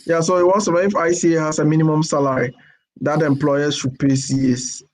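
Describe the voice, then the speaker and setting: A man moderates an online session, reading out audience questions in a polite, slightly halting way. His voice sits somewhat high for a man. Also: little pitch movement, darkish tone, poor audio. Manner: reads out audience questions, polite, repeats words. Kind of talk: webinar moderation.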